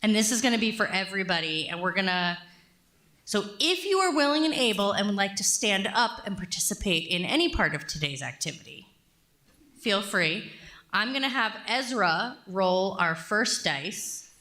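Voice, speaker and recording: A woman's voice: mid-range voice, big pitch swings, moderate pace, bright, forceful tone, roomy sound. A woman leading a playful children's activity during a church service, upbeat and coaxing. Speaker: worship leader. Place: church sanctuary.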